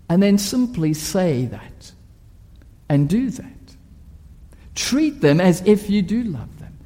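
A man's voice: sits high, very animated, slow, long pauses, mellow. A male preacher giving a sermon, telling stories vividly and asking rhetorical questions. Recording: long hall reverb.

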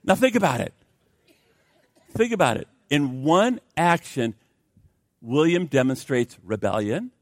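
Animated older man preaching a sermon. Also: a little high, measured pace, pauses often, no room sound, studio quality. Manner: storytelling, animated, jokey asides to congregation. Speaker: pastor.

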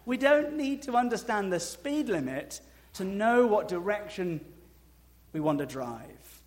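This male pastor preaches in a conversational, dryly humorous way, his pitch swinging widely as he moves between slow, quiet emphasis and loud, high asides.

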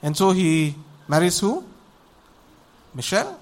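His voice sits high and his pace is slow as this man preaches a sermon. He tells a Bible story in an easy, conversational way, using animated character voices and frequent rhetorical questions to the audience.

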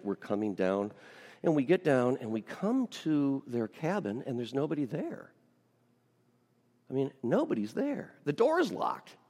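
Animated preacher in a reverberant hall. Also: male voice, medium pitch. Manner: animated, swings between loud and hushed. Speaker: pastor. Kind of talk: storytelling sermon.

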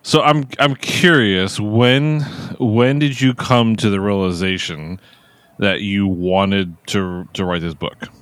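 Halting male interviewer, dry sound. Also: lowish voice, fairly even intonation, fairly bright tone, no room sound. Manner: halting, repeats words, hesitant fillers. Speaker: interviewer, host. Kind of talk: interview questions.

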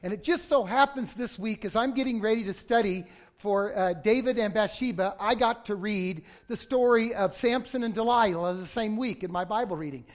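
A middle-aged male pastor preaching a conversational sermon that breaks into sudden loud outbursts. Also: high-pitched, moderate pace, few pauses.

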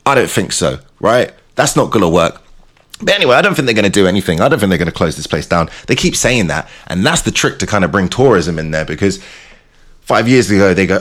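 A young English man hosting a show, telling stories and chatting in a theatrical, animated way. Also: lowish voice, fast. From England. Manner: animated, theatrical storytelling with mimicked voices. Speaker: radio host. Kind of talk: casual chat with storytelling.

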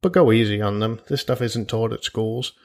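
Gravelly-voiced male podcast host. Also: on the low side, normal speed, darkish tone. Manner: chatty and jokey, with asides and imagined quotes. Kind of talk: solo personal finance podcast.

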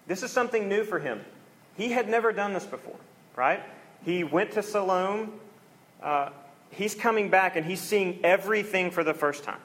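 Earnest preacher, fairly high voice. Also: male voice, lively intonation, normal speed, a bit bright. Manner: earnest, conversational, acts out voices in the story. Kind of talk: sermon.

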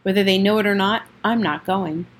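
A woman's voice: medium pitch, fairly quick, lightly acted. A woman reading the lines of a curious young girl who wants to be a spy, eager and inquisitive. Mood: earnest.

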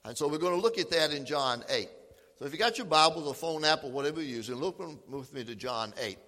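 A man's voice: a little high, lively intonation, fast, sharp tone, in a large hall. A man preaching a sermon as pastor, reading scripture aloud with emphasis.

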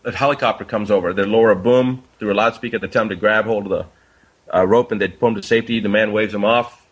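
Speaking quickly with fairly even intonation, a man whose voice sits on the low side shares a parable. He's a doctor on as a guest, earnest and conversational, quoting the dialogue within the story.

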